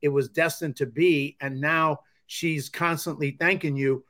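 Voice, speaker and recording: A male podcast host muses aloud in a relaxed, encouraging way. His voice sits a bit higher than most men's. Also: measured pace. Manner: reflective, encouraging. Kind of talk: casual interview chat.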